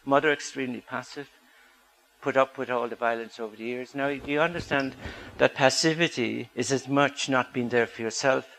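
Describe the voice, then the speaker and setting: Man, mid-pitched, earnest speaker at a talk, leans on rhetorical questions. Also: steady tone, moderate pace, a bit bright, low-quality recording. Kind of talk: public talk.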